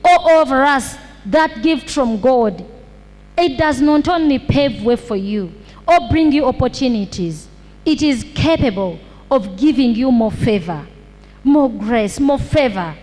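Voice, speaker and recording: A woman pastor delivering a sermon, preaching slowly and repeating points for emphasis, with rhetorical questions to the congregation. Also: high-pitched, animated, darkish tone. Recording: long hall reverb.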